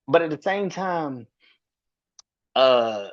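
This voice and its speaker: A man hosting a solo sports podcast, talking in an animated, profane, exasperated way. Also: on the high side, moderate pace, breathy edge, dull audio. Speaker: podcast host. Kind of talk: solo sports commentary rant.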